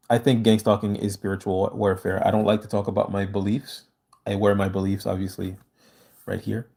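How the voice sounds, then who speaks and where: A man speaks in a lowish, mellow voice, hosting a casual livestream and answering his viewers. He talks earnestly and with emphasis. The sound is a plain home setup. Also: vocal fry. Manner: earnest, emphatic, reads chat aloud and answers. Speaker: livestream host reading viewer comments.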